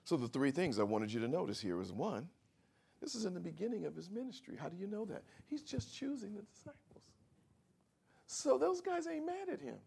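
A man preaching a sermon in a lively, conversational way, acting out bits of everyday talk. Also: high-pitched, brisk, vocal fry, slightly rough.

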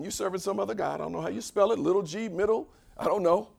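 A male pastor preaching a sermon, who swings from quiet asides to shouted, drawn-out lines and leads the congregation in reading scripture aloud. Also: high-pitched, creaky, breathy edge.

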